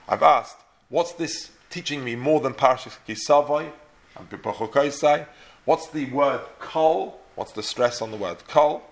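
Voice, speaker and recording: A man teaching a class on a Mishnah, posing questions and explaining, with Ashkenazi-style Hebrew pronunciation. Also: medium pitch. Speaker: Torah teacher. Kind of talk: Talmud class lecture.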